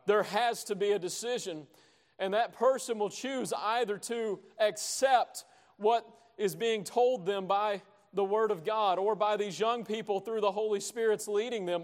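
A man preaching a sermon with passion, swinging between hushed lines and loud cries. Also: high-pitched, long reverb tail. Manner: impassioned, dramatic swings from soft to loud.

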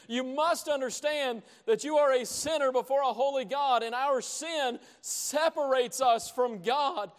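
A man preaching a sermon with passion, swinging between hushed lines and loud cries. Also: extremely high pitch, unhurried, few pauses, long reverb tail. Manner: impassioned, dramatic swings from soft to loud.

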